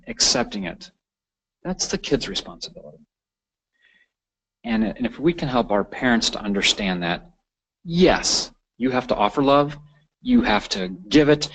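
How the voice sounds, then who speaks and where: A man's voice: mid-range voice, fairly bright tone, low-quality recording. A man presenting a continuing-education lecture on parenting, talking unscripted with many fillers and restarts. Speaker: counselor presenting a training course.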